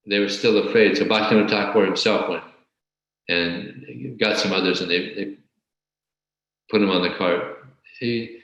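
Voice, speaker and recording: A man teaching a scripture class and telling a story in a halting way, often repeating words. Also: low voice, steady tone, fairly bright tone, muffled recording. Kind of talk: storytelling religious lecture. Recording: very echoey room.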